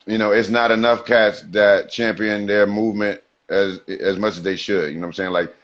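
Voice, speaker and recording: A man with a low voice tells stories in a relaxed, streetwise way, full of slang. He talks over a video call, and the sound comes through dull and lo-fi. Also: moderate pace. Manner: laid-back, streetwise storytelling with slang. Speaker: guest rapper. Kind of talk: casual storytelling interview. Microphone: video call mic.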